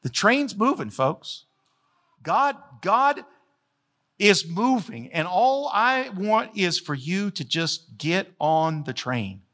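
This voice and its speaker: High, bright-voiced preaching pastor. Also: male voice, very animated, slow pace. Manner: folksy, emphatic, repeats phrases for emphasis. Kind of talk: sermon.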